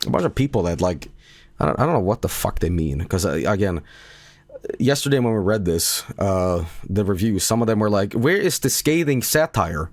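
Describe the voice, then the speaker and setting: A man's voice: fairly low pitch, darkish tone, no echo. A man streaming and casually rambling about a movie, laughing often and swearing freely.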